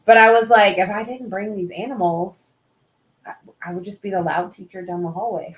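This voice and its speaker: A woman who teaches elementary school, chatting casually, talkative and quick to laugh. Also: medium pitch, slight background noise. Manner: lively, laughs easily, talkative. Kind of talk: casual chat. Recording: roomy echo.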